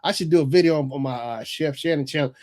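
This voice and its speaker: A man from North Carolina, hosting a casual live stream in a relaxed, rambling way and often chuckling as he reads chat aloud. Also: a little high, quick pace. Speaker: livestream host reading chat.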